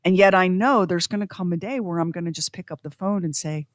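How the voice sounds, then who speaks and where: A woman's voice: lowish voice, fast talker, no room sound. A middle-aged woman co-hosting a radio talk show, speaking earnestly and from the heart in long run-on sentences. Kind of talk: casual talk show chat.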